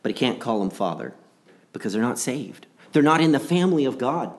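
A man's voice: mid-range voice, big pitch swings, brisk. A man preaching a gospel sermon in an earnest voice, repeating key phrases and swinging between rising and dropping delivery.

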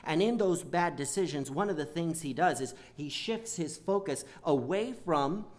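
A man's voice: fairly high pitch, expressive. A man preaching a sermon, often restarting and repeating words as he goes, and acting out the quoted lines in a pleading tone. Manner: halting, repeats words, acts out quoted whining.

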